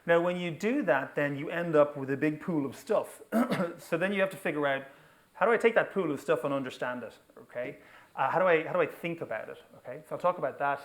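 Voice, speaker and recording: Guy giving a tech talk at a conference, lively, keeps asking the crowd okay? right?. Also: a little high, fast. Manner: energetic, checks in with the audience with "okay?" and "right?". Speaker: conference speaker. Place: conference venue.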